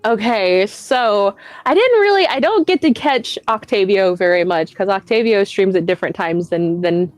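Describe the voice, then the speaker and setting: A woman's voice: medium pitch, animated, normal speed, hardly any pauses, no room sound. A woman guest on a chat stream, telling stories in a rambling, self-mocking way with a lot of swearing. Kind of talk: casual chat.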